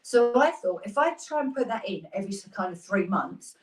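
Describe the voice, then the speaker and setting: A woman's voice: medium pitch, expressive, brisk. A British woman in her thirties, a fitness instructor chatting upbeat through a live workout class, with rambling asides. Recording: roomy sound, mic at a distance.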